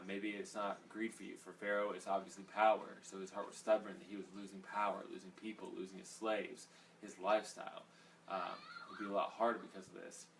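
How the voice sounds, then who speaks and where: A man's voice: sits low, vocal fry, fairly bright tone, recorded from a distance. A man leading a casual Bible study, rambling and conversational, with plenty of fillers. He sits a little away from the mic, and faint noise hangs in the background.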